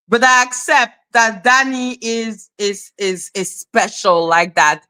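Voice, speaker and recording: Bright high-voiced woman on a live stream. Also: slow. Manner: animated, laughing, greets viewers, swears freely. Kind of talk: casual live stream commentary.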